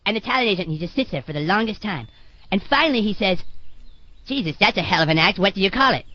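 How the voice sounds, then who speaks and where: A man's voice: high-pitched, lively intonation, fast, pushed and bright, no echo. A man voicing a bratty, foul-mouthed cartoon schoolboy with a nasal, whiny voice, played from a dull, dry cartoon soundtrack. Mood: storytelling. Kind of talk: cartoon voice acting.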